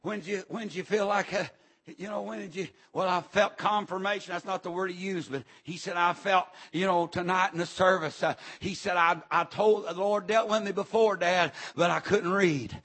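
Middle-aged male preacher, husky high voice, shouts between amens, rambling revival sermon. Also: fairly even intonation, normal speed.

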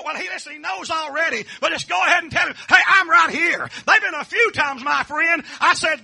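A man preaching a fervent holiness sermon in folksy dialect, swinging from hushed asides to shouts. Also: very high voice, a little fast, creaky, hardly any pauses.

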